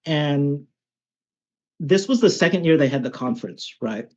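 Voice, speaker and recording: A man's voice: a little high, animated, measured pace, a little mellow. Chatty male guest on a lo-fi line. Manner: chatty, with frequent "um" and "right?" tags. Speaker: martial arts instructor, guest. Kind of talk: conversational storytelling.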